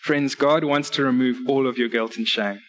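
Male preacher in a church service, delivering an earnest sermon with scripture readings and clear numbered points. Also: mid-range voice, steady tone, moderate pace, a bit bright, poor audio. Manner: earnest, direct appeals to listeners.

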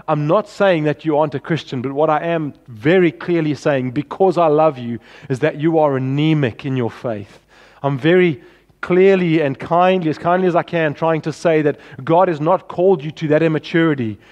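A man preaching from the pulpit in an earnest, pleading way, his voice sitting a little higher than most men's. He often lets phrases sink to a soft close. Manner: earnest, pleading, drops softly at ends of phrases. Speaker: pastor. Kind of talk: sermon.

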